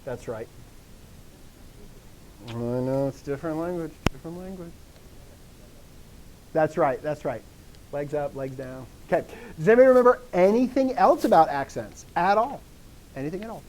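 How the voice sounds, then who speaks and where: An animated teacher whose pitch swings up and down through a classroom lecture. The teacher quizzes the students again and again, encourages their answers and repeats key phrases to drive them home. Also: normal speed, pauses often, noisy background. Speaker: Greek teacher.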